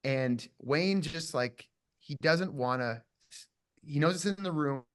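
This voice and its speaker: An actor from southern Minnesota, speaking in a fairly high, clean voice, talks slowly about his role in a casual interview. He is reflective and rambling, full of fillers and restarts as he circles back on his thoughts.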